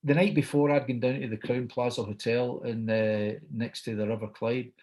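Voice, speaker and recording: A man's voice: mid-range voice, fairly even intonation, moderate pace, darkish tone. A middle-aged man with a Scottish accent, chatting and telling an anecdote, quoting people as he goes. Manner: chatty, quotes people in dialogue. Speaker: guest storyteller.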